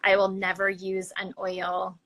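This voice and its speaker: A young woman talks as an interview guest, loose and chatty, leaning on "like" and dropping into other people's voices when she quotes them. Her tone is bright and clear, with a gravelly edge of vocal fry running under it. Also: medium pitch, completely flat delivery, unhurried, rough recording. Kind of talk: casual conversational storytelling.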